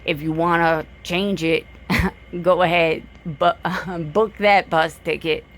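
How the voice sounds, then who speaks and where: Speaking slowly in a fairly low voice with fairly even intonation, a woman vlogger delivers a direct-to-camera rant. It's blunt, confrontational and full of profanity, and she hammers her points home by repeating them as she lectures.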